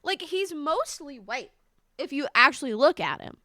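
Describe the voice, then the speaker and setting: A woman's voice: high-pitched, very animated, normal speed, pushed and bright, dry recording, clean studio sound. A woman live streamer chatting casually with her viewers, scattered and talkative, thanking them often and swearing mildly.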